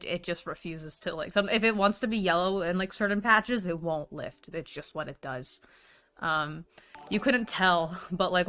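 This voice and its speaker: A woman's voice: on the low side, a bit bright. A woman livestreamer chatting casually, swearing freely and gushing thanks to her viewers. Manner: chatty, swears a lot, gushes thanks at donations. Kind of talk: casual stream chat.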